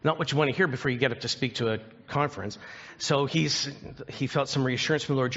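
A man preaching a sermon as a pastor, telling a story earnestly and slowing down for emphasis. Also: medium pitch, a bit bright, dull audio.

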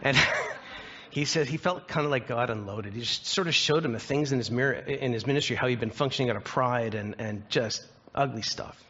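A man preaching a sermon as a pastor, telling a story earnestly and slowing down for emphasis. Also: mid-range voice, fairly bright tone, husky, highs cut off.

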